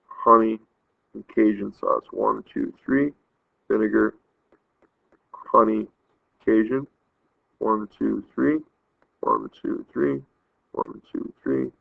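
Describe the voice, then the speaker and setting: Man with a gravelly voice teaching math. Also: lowish voice, no room sound. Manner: patient, repetitive explaining, counting aloud. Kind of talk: recorded math lesson walkthrough. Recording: tinny phone-like audio, dry.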